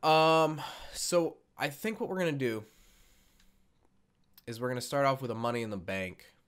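A man's voice: medium pitch, moderate pace, fairly bright tone, clean tone. A young man giving casual let's-play commentary as he sets up a wrestling game, rambling, correcting himself and swearing offhandedly. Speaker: gaming YouTuber.

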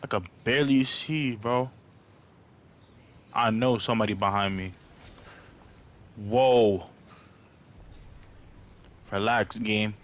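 Male gamer, let's-play commentary; jumpy, easily scared, low-ish voice. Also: steady tone, slow, pauses often.

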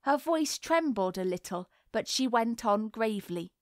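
Woman reading a novel aloud, fairly high voice, slow, dry close mic. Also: animated, no room sound. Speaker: audiobook reader. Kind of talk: scripted narration.

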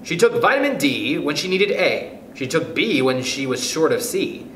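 A man puts on a tiny mouse teacher, fussy and brisk, bossing the class about in a raised voice that bounces all over. It rings in a roomy space with a faint hiss behind. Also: on the high side, sing-song, fairly bright tone. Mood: commanding. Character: tiny self-assured mouse playing schoolteacher. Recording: roomy echo, faint noise.

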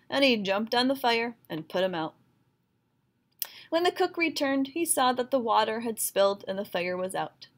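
A woman reading a folktale aloud with expressive, rhythmic storytelling. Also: fairly high pitch, moderate pace.

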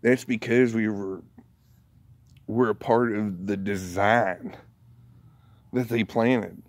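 A man's voice: fairly low pitch, fairly even intonation, takes it slowly. A man vlogging a casual rant, rambling and profane, often breaking into laughter.

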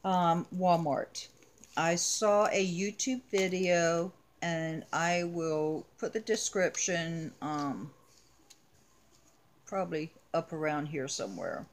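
A woman in a casual vlog, showing off her craft supply haul, talking in an unhurried, chatty way with frequent ums. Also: low voice. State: has the hiccups. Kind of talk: casual show-and-tell.

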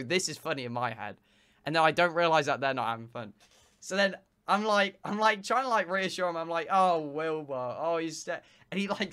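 A seventeen-year-old male streamer telling his chat a story in a rambling, excitable way, with lots of fillers and swearing. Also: high-pitched.

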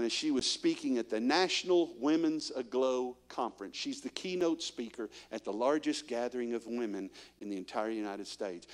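A man, preaching a guest sermon in a church and quizzing the congregation with question after question. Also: mid-range voice. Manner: animated storyteller, quizzing the congregation with repeated questions.

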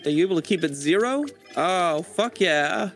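A man's voice: sits high, animated, moderate pace, faint music behind. A young man in casual gaming chat, laughing, swearing and rambling through stories. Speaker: gamer.

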